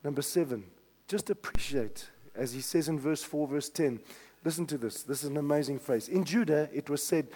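A male pastor preaching a sermon, swinging from hushed tones to shouts. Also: mid-range voice, animated, normal speed, in a large hall.

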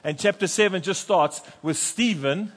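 A pastor preaching a sermon and reading scripture aloud with fervent emphasis in a church. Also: male voice, sits high, normal speed, breathy edge. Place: church sanctuary. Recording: long church reverb.

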